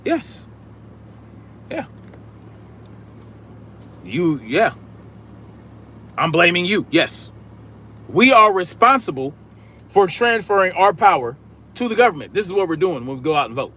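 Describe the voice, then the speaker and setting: This combative political streamer reads his chat aloud, talking bluntly in casual slang, projecting, and repeating catchphrases. His voice sits slightly higher than the average man's, with a sharp tone. He's very animated yet unhurried, pausing often, and there's slight background noise.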